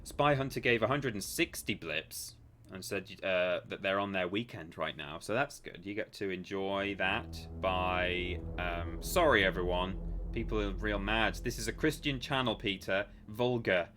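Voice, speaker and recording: Joking streamer, low voice. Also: male voice, measured pace, sharp tone, slight background noise. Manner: chatty, jokey, reads chat aloud with mock defensiveness. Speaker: livestream host. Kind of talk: casual live-stream chat.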